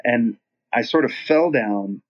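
A middle-aged man, a rock singer, telling a long story in a casual interview, rambling and profane, voicing other people's lines with lively shifts. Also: medium pitch, slow pace. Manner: rambling, profane, animated when quoting himself and others. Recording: dull lo-fi podcast audio.

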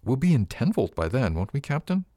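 A man's voice: medium pitch, sing-song, a little fast, warm tone, dry recording, studio quality, pitched above the performer's own voice. A man reading an audiobook, voicing an eager, polite young woman of the crew who calls her captain sir. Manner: polite, deferential, addresses with sir.

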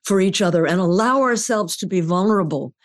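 A woman's voice: mid-range voice, a little fast. An older woman speaking as a podcast guest, reflective and emphatic in her talk. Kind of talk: podcast conversation.

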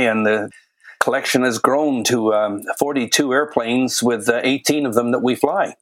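A man's voice: mid-range voice, a bit bright, low-quality recording. Genial older Welsh-born male pilot. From Wales. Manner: genial, dry humor, anecdotal. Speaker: guest, volunteer chief pilot. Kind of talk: casual interview chat.

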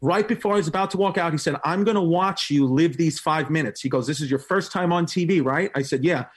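With a quick pace and a breathy edge, a male guest comedian shares an animated story during a casual podcast conversation. He laughs often and raises his pitch sharply for quoted voices.

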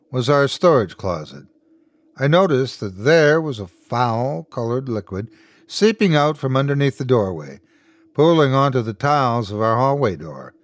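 A man reading a first-person horror story aloud as host and narrator, expressive and dramatic. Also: medium pitch, dry recording.

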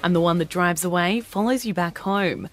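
A woman newsreader reading song lyrics aloud in a formal, deadpan news delivery. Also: lowish voice, normal speed. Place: radio studio. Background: music.

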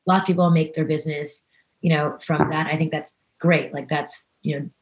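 A woman's voice: low voice, fairly even intonation, moderate pace, vocal fry, a little mellow. A woman being interviewed in a podcast, talking casually and earnestly, with lots of fillers and restarts. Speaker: podcast guest.

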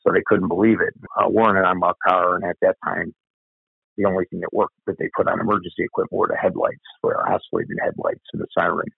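A retired police officer, an older man, swears a bit while telling a story bluntly in an interview. He talks fast in a low, creaky, breathy voice with lively intonation. No room sound comes through the tinny, phone-like line.

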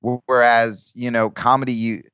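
A comedian guest talking in casual podcast chat, rambling with restarts and acting out quoted lines. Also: male voice, medium pitch, level tone, normal speed, a bit bright, clear, resonant tone, dry recording, highs cut off.

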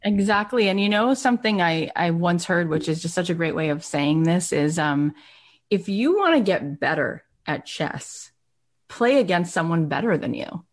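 A woman, hosting a motivational podcast and telling stories quickly and with energy. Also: fairly low pitch. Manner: animated, rapid storytelling with many "like" fillers. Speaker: podcast host and coach. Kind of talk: casual motivational chat.

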